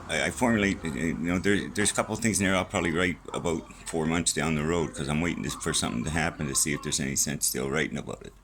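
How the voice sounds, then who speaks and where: A man's voice: deep voice, a bit bright, a little hiss or hum, rough recording. A middle-aged man rambling casually and profanely in a vlog from a small room at home, jumping from topic to topic. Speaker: vlogger.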